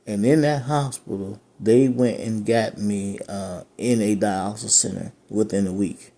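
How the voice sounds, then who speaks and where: A man's voice: fairly low pitch, fairly even intonation, measured pace, dark tone. A man, a dialysis patient, telling his own story of being turned away from care, rambling and repeating himself, frustrated and aggrieved. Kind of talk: personal testimony.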